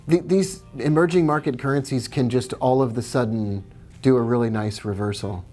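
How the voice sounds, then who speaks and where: A man's voice: medium pitch, normal speed, dark tone, faint music behind. A man hosting a live trading stream, chatting casually, reading viewer questions and greeting them by name as he walks through charts.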